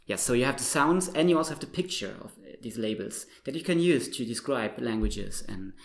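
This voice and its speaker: A male linguistics researcher explaining his ideas thoughtfully in an interview, pausing with frequent fillers. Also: medium pitch, lively intonation, gravelly. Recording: roomy echo.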